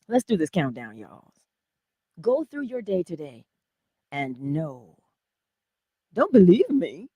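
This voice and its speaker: Woman host, inspirational livestream; slow, husky delivery with lots of pitch movement, playful and chatty, often drops to a whisper. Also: mellow, dry recording. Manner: chatty, greets viewers by name.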